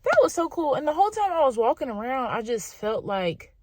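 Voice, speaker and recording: A woman in her thirties, a cowgirl and mother, chatting to viewers in a casual vlog, excitable and calling her audience y'all. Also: high voice, brisk, dry recording. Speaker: vlogger, cowgirl. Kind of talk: casual vlog narration to camera.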